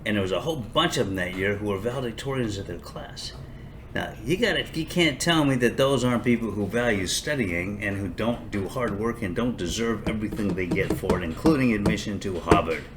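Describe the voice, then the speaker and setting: A man's voice: fairly low pitch, fairly quick, slight background noise. An older man hosting a podcast, talking in a sarcastic, rambling, self-mocking way in a casual comedic monologue. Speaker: podcast host.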